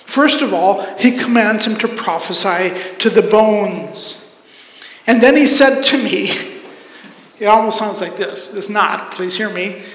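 A man's voice: sits high, slow, fairly bright tone. A man preaching a sermon as pastor, earnest, acting out the voices in the scripture he reads. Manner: earnest, acts out voices of God and prophet. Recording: echoey hall.

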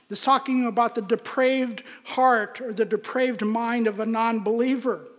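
High-voiced man preaching in a reverberant hall. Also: steady tone, moderate pace, few pauses. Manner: earnest, emphatic preaching. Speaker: pastor. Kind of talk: sermon.

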